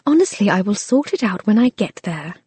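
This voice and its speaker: A woman's voice: mid-range voice, big pitch swings, a little fast, darkish tone, slightly rough. A woman voicing an impulsive, defiant young woman who is running away from home.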